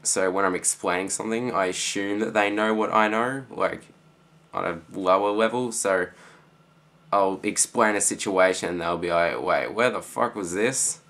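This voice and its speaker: A teenage boy with an Australian accent, rambling casually in a vlog reply with lots of fillers and quiet trailing-off phrases. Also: sits low, steady tone, normal speed. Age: teens. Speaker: student vlogger.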